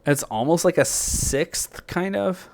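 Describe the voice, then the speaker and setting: A man hosting a music software tutorial, thinking aloud in a loose, rambling way with plenty of fillers and self-corrections. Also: on the high side, animated, takes it slowly, creaky, heavy background noise.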